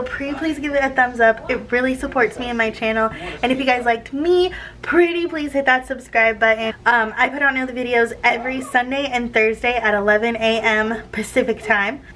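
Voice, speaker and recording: A woman's voice: on the high side, a bit bright, rough recording. A young woman, vlogging about her cat in an emotional, gushing way, with many filler words. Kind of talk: casual personal vlog.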